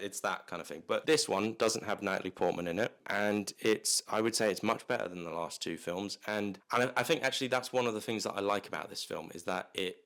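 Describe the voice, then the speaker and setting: A man's voice: fairly low pitch, fairly bright tone. A man reviewing a movie in a casual, rambling way, full of restarts, fillers and jokey asides.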